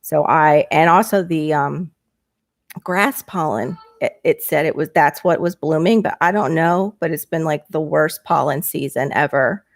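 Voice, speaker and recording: A middle-aged woman chats casually with her livestream viewers through a headset mic, laughing easily and going higher when she gets excited. Her voice sits fairly low, and the sound is dry and close with no room echo. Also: a little slow. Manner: chatty, laughs often, voice jumps up when excited. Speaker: livestream host reading viewer chat. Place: small home bedroom.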